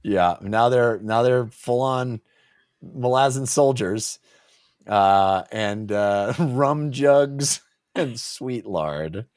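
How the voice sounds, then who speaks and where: A man's voice: medium pitch, extremely slow, darkish tone, no echo, clean studio sound. A man co-hosting a casual book club podcast, laughing often and acting out characters' lines. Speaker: podcast co-host.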